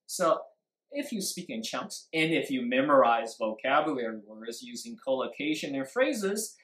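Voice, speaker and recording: An emphatic speaking teacher in a live-streamed lesson on stress and intonation. They act out sample sentences to show where the pitch rises and falls. The voice has a middle pitch and sits in a noticeably echoey room. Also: lively intonation, moderate pace, a bit bright. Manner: switches briefly into Mandarin to explain. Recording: roomy echo.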